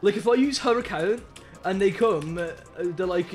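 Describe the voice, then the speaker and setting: A young man from Birmingham with a Birmingham accent, chatting excitably and in slang while streaming a game. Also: high voice, normal speed, soft background music. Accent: Birmingham English. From Birmingham, England. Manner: excitable, slangy, many hums of agreement. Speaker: live streamer. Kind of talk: casual gaming stream chat.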